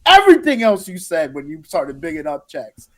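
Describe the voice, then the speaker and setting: A man's voice: a little high, huge pitch swings, normal speed, a bit bright. A man co-hosting a podcast, talking animatedly, swearing and calling his friend dude. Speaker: podcast co-host. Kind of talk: casual banter.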